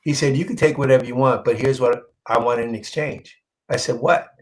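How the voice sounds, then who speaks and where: With a mid-range voice and poor sound quality, a male comic book artist relates a story in a relaxed interview setting. He acts out the dialogue energetically, and when emotion rises, he halts and says things twice.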